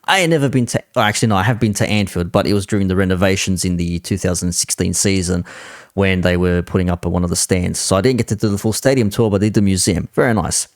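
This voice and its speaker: A man's voice: low voice, fast, no room sound, clean studio sound. A man hosting a reaction commentary, talking in an exasperated, casually swearing way. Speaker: commentary channel host.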